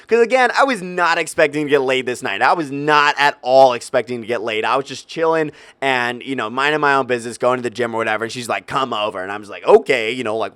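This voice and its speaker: A young man vlogging a personal story in a profane, animated way, with loud exasperated outbursts. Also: mid-range voice, dry recording. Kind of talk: storytelling vlog.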